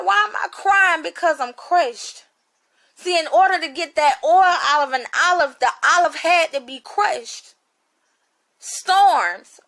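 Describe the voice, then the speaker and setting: A woman's voice: extremely high pitch, vocal fry, sharp tone. A woman giving an emotional spoken testimony like a sermon, repeating phrases and restarting with stammers. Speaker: ministry speaker.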